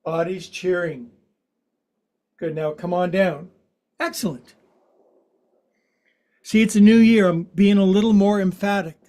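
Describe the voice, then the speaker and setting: A man's voice: sits high, unhurried, pauses often, dark tone. A man in his sixties leading a guided yoga class, giving instructions in a playful, joking, chatty way. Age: 60s. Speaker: yoga teacher.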